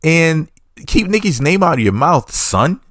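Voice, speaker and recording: A man's voice: on the high side, sing-song, measured pace, fairly bright tone, no echo, studio quality. Rambling sarcastic gossip reporter, male. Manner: rambling, sarcastic, stacks mock disclaimers. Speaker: entertainment reporter. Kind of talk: gossip commentary.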